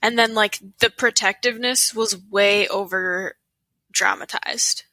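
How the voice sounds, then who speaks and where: A woman co-hosting a podcast, her voice bright and clear against a dry, close sound. She chats casually and giggles, often hesitant and restarting her thoughts. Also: mid-range voice, steady tone, takes it slowly, no echo, rough recording. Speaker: podcast co-host. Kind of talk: casual chat about a film.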